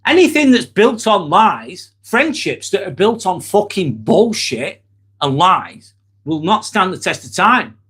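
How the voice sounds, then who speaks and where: Male host in his 40s, slightly high-pitched, blunt and sweary, casual live-stream chat. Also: sing-song, a little slow, fairly bright tone, husky. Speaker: livestream host.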